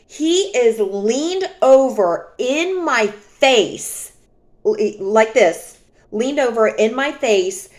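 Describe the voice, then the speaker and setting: Slow, deliberate woman telling a story. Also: fairly high pitch. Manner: calm, emphatic, dramatic retelling. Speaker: vlogger. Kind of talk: storytime monologue.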